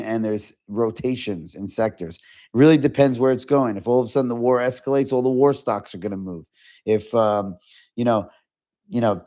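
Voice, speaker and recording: A man hosting a casual stock trading livestream, talking in a fast conversational way with lots of fillers and restarts. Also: medium pitch, a little mellow. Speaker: stock market livestream host.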